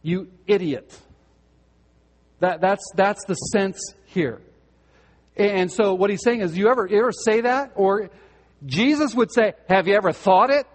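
Male pastor, earnest sermon delivery, questions the congregation, slightly high voice, reverberant hall. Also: measured pace, pauses often. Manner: earnest, direct questions to listeners, repeats words.

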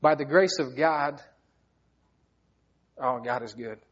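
A man's voice: medium pitch, slow, muffled recording. A man preaching a sermon, telling personal stories in an earnest, heartfelt way, often repeating words as he goes. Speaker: pastor.

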